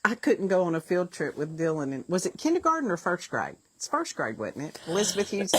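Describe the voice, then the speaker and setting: Older woman, Southern accent, low voice, very lively intonation, folksy storyteller. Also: a little hiss or hum. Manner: folksy storyteller, chimes in with quick corrections. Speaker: guest, the host's mother. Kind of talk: casual family chat.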